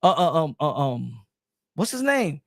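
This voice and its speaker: Boxing stream host, male, high and dry on a close mic, rambling and heated. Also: unhurried, no room sound. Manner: rambling, animated, frequent "you know what I'm saying". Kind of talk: casual live-stream commentary.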